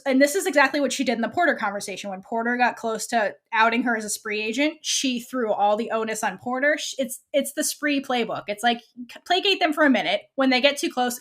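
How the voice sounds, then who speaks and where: A woman co-hosting a podcast, casually recapping a TV episode and acting out the characters' lines as she goes. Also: fairly high pitch. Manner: animated, acts out characters' lines while recapping. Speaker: podcast co-host.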